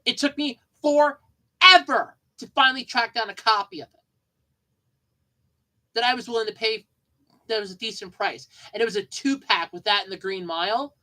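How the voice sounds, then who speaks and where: A woman's voice: fairly high pitch, moderate pace, long pauses, bright, forceful tone, rough recording. A woman hosting a podcast, telling rambling childhood stories and chatting casually about movies, often repeating herself and laughing. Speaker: podcast host. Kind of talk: casual storytelling and movie chat.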